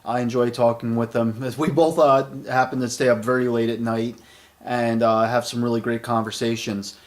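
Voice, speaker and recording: A man's voice: mid-range voice, little pitch movement, moderate pace. A man in his late thirties giving a casual spoken product review, rambling, with many fillers and repeated words, friendly and enthusiastic. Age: 30s.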